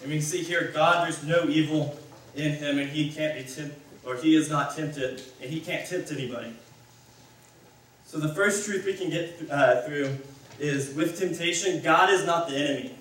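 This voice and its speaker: A man preaches in a loose, rambling way, often restarting his sentences. His voice sits a little high for a man. It is heard from afar in a big echoey hall with faint room ambience. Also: normal speed, a bit bright. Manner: rambling, conversational, self-correcting. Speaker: speaker. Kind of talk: casual sermon. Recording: echoey hall, mic far off.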